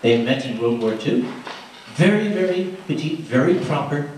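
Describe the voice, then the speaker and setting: A man telling anecdotes to a live audience at a convention in a lively, conversational manner. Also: mid-range voice, moderate pace. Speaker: storyteller. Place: convention room. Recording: echoey room, distant mic, faint noise.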